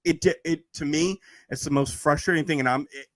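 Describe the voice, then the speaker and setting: A man talking casually as a podcast guest, animated and rambling with lots of restarts. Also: fairly high pitch, a little fast, no room sound. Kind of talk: casual chat.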